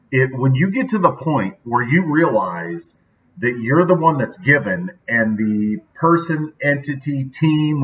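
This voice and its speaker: Male podcast host, middle pitch, chatty motivational delivery; slightly off-mic, dull recording. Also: fairly bright tone, far from the mic. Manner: upbeat, chatty, with many filler asides. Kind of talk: casual daily motivational talk.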